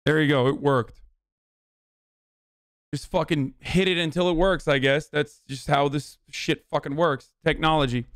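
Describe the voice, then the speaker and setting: His intonation stays fairly even and his tone is fairly bright, clear and resonant, captured at studio quality with no echo. This livestream political commentator rants fast and furiously, swearing a lot and ridiculing his chat in a sarcastic high-pitched voice.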